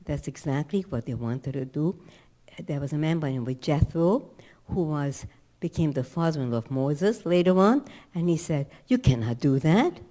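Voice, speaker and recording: A woman's voice: sits low, moderate pace, mellow. A woman teaching a Torah class, telling the story dramatically with emphatic rhetorical questions and acted-out quotes.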